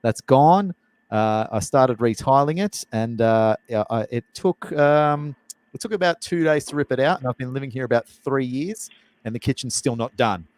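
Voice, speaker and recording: A man hosting a live cooking show in a chatty, self-deprecating way. His voice sits at an ordinary middle pitch, and he keeps the banter light. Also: moderate pace, a little mellow, no echo, rough recording. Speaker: host.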